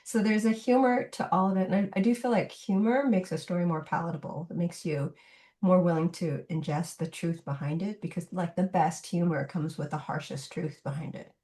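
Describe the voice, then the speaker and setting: A woman's voice: fairly low pitch, fairly quick. A middle-aged woman, a children's book illustrator, chatting as a guest in an interview and telling stories with lots of laughter. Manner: animated storyteller, laughs often. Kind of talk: casual interview chat.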